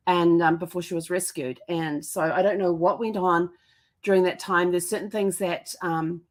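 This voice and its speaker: A woman's voice: mid-range voice, a bit bright. A woman hosting a live-streamed podcast from her home, telling stories in a chatty, upbeat way into a webcam mic. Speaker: podcast host. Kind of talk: casual live-streamed monologue. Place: indoors at home.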